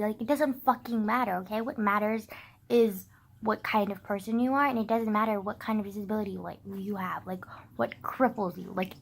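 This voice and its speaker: In a poor-quality recording, a young woman vlogger rants casually to the camera in a fairly high, fairly bright voice. She sounds heated and sarcastic, swears often, and fills her speech with "like".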